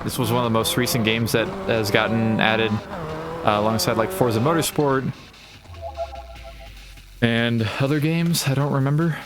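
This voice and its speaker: A man's voice: mid-range voice, steady tone, moderate pace, pauses often. Man rambling over racing game music. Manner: rambling, thinking aloud, wry asides. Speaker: gaming channel host. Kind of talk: casual game playthrough commentary. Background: racing game sounds and music.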